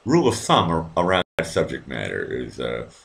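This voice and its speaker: A man with a very deep voice hosts a late-night live show from home. He rambles, swears freely and restarts his sentences often. He is from Boston. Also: huge pitch swings, moderate pace, vocal fry. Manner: rambling, profane, many restarts. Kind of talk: casual live-stream talk with callers. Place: apartment at night.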